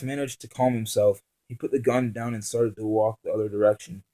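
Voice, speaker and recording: Reading his own novel aloud, a man keeps stumbling, restarting lines and dropping in fillers, so the delivery comes out halting. His voice is medium in pitch, steady and dark, and the recording is rough.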